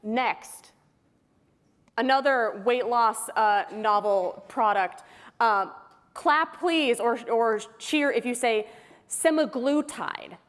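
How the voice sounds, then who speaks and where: A woman's voice: a little high, slow pace, a bit bright. A woman hosting a live podcast panel, playful and laughing often as she quizzes the audience. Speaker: podcast host. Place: conference hall stage. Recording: reverberant hall.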